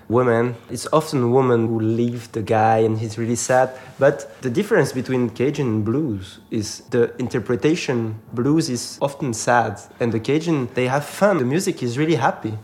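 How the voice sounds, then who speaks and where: French band singer guest, relaxed and easygoing, accented English. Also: male voice, mid-range voice, moderate pace, hardly any pauses. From France. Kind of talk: casual interview talk in a second language.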